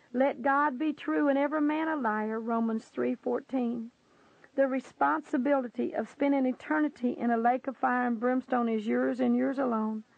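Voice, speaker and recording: A woman solemnly reading a first-person testimony aloud, slow and earnest, pleading at times. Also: on the high side, gravelly, darkish tone, no room sound. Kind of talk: solemn scripted narration. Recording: tinny phone-like sound.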